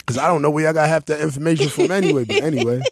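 A man hosting a casual chat, talking in a brash, profane way and jumping into high-pitched outbursts while telling stories. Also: very fast, gravelly, dry recording, clean studio sound.

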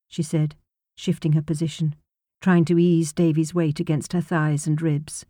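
Female audiobook narrator, lowish mellow voice, measured delivery, dry studio sound. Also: level tone, no room sound. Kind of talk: scripted narration.

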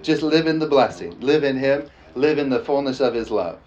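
A man preaching a lively sermon, often calling out "amen?" and joking with the congregation. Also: mid-range voice, moderate pace. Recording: dull lo-fi sound with faint background noise.

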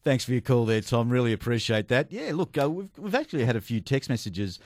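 An Australian man hosting a sports radio show in a studio, relaxed and chatty, laughing easily. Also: medium pitch, a little fast, no room sound. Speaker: radio host.

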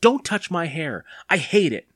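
A man reads aloud, raising his voice above his natural pitch to play a whiny, defiant twelve-year-old boy, though the result stays close to an everyday voice. His medium-pitched delivery is very animated at a moderate pace, sulky, pleading and sarcastic by turns. The recording is dry and has clean studio sound.

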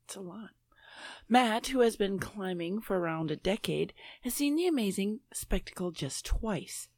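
Animated woman reading out news stories. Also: mid-range voice, moderate pace, no echo. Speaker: podcast panelist.

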